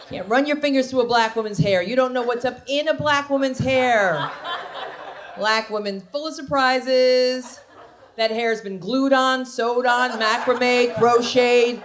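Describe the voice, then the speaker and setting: A woman's voice: on the high side, normal speed, a little hiss or hum. A woman comedian performing a stand-up set on a comedy club stage, sassy and conversational with punchy delivery.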